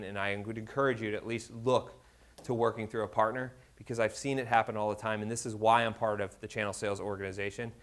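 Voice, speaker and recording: A man's voice: on the low side, a bit bright. A man speaking at a conference, making direct and persuasive appeals to the audience. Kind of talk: conference presentation.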